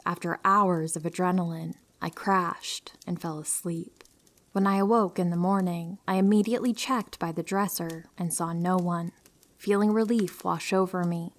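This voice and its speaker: A woman with a slightly low voice reads listener horror stories aloud. Her delivery is calm and soft-spoken. She slips into near-whispers to build dread. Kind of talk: scripted narration of horror stories.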